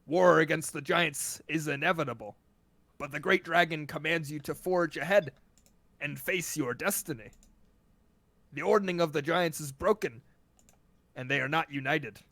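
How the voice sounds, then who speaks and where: A man's voice: fairly high pitch, moderate pace, vocal fry, pauses often, a bit bright, no room sound, pitched above the performer's own voice. Man doing a formal dragonborn envoy. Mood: solemn. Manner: grand, formal proclamation. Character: formal male dragonborn emissary in armor.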